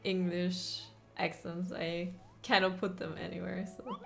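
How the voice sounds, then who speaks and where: A woman's voice: fairly low pitch, flat delivery, a little slow, gravelly, soft background music. A woman streaming a video game, chatting casually and playfully with her viewers and laughing often. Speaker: gaming streamer. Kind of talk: casual live-stream commentary over gameplay.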